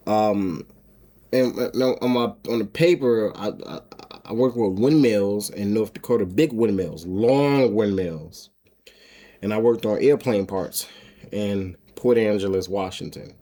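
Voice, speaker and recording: Husky-voiced man telling a story. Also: lowish voice, lively intonation, normal speed, mellow. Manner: emotional, rambling with many restarts and laughs. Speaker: homestead vlogger. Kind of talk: casual storytelling to camera.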